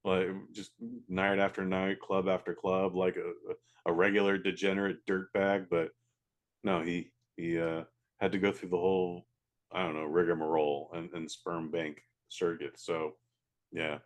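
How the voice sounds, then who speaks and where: A man's voice: low voice, little pitch movement, a little slow. A man, co-hosting a casual podcast, making blunt, sweary, sardonic remarks. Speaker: podcast co-host.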